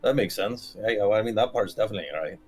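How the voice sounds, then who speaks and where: A man's voice: on the low side, racing, slightly rough, faint music behind. A young man in a tabletop game session, speaking earnestly in character. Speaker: player.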